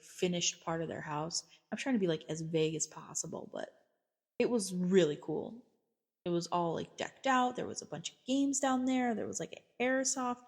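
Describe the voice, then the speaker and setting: A woman hosting a podcast, chatting casually and self-deprecatingly about her work, with lots of filler words. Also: on the low side. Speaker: podcast host, behavior technician. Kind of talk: casual chat.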